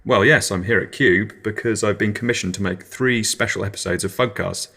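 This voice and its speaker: Low-voiced man hosting an absurdist comedy podcast, with mild, hesitant, dry narration. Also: brisk, sharp tone. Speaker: podcast host.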